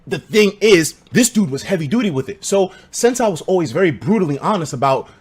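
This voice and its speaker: A young man from the United States telling a story on a live stream in a casual, profane, animated way, laughing as he goes. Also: brisk, slightly rough. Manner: animated, profane, laughs between lines, breaks into loud high shouts.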